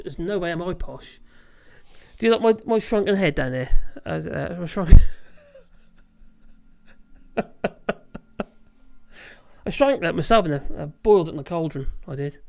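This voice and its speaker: Lively rambling livestream host. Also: mid-range voice, a little fast, gravelly. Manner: rambling, laughs often, swears casually. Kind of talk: casual live chat.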